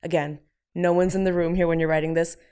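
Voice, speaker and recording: A woman speaking candidly and casually as a podcast guest, with lively, playful asides. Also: fairly low pitch, fast, smooth. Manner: candid, lively, breaks into playful sound effects. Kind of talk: casual interview talk.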